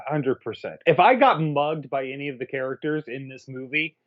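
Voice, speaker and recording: A man's voice: mid-range voice, normal speed. A man co-hosting a movie review podcast with wry, sarcastic jokes in casual chat. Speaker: podcast co-host. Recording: dull, lo-fi sound.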